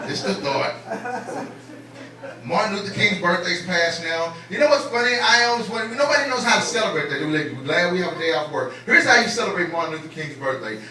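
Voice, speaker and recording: A man's voice: sits high, sharp tone. A man doing a stand-up comedy set on a club stage, profane and streetwise, firing rhetorical questions at the audience. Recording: echoey club from far off, crowd laughter. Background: audience laughing.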